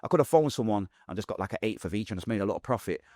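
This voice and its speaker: A man's voice: lowish voice, expressive, very fast, darkish tone, no echo, studio quality. A man with a Manchester accent telling his life story as an interview guest, emotional and blunt with street slang. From England.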